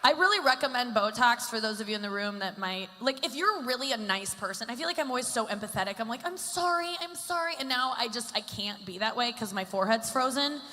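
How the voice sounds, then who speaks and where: A woman's voice: a little high, fast, hardly any pauses, sharp tone. A woman in her thirties doing a stand-up comedy set on stage, rambling and self-deprecating with lots of "like". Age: 30s. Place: stage before a live audience. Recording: long hall reverb, faint ambience.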